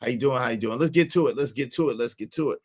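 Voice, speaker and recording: A man hosting a live stream, giving shout-outs and reacting to clips in casual, repetitive chat. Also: mid-range voice, rapid-fire. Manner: chatty, repeats phrases, gives shout-outs.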